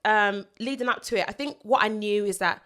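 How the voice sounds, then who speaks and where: A woman from Nigeria co-hosting a podcast in a relaxed, heartfelt chat. Her voice has a clear, bright edge and sits at a middling pitch. She is reflective and laughs easily. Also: fairly quick. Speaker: podcast co-host.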